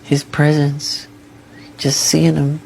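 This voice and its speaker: A man giving a television interview. He speaks softly and haltingly. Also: on the high side, completely flat delivery, creaky, slight background noise, poor audio.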